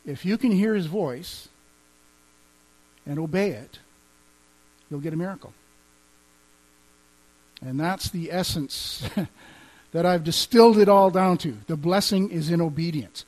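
A man's voice: on the high side, a little slow, pauses often, a little mellow, rough recording. A man teaching as a pastor, speaking conversationally, quoting scripture and chuckling now and then. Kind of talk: teaching on healing and faith.

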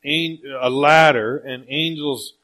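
A man preaching a sermon, retelling a scripture story in an animated way and often changing his pace. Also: on the high side. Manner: animated storytelling, speeds up and slows down. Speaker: pastor.

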